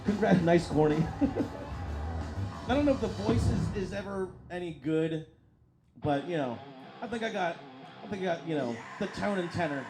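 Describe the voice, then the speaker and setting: A man hosting a live stream and commentating wrestling in an excitable, profane way that hollers at the action. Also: high-pitched, normal speed, pauses often. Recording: crowd noise and music behind.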